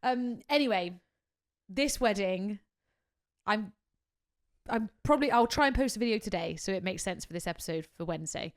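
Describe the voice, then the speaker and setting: Animated swearing woman telling stories. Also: fairly high pitch. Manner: animated storytelling, swears freely. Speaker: podcast co-host, wedding worker. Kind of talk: casual chat.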